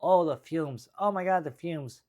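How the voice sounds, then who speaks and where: A man's voice: a little high, moderate pace, darkish tone, voice pushed up, close to an everyday voice. A man voicing a fretful, scolding middle-aged woman from New Jersey in a put-on Jersey accent. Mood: fretting.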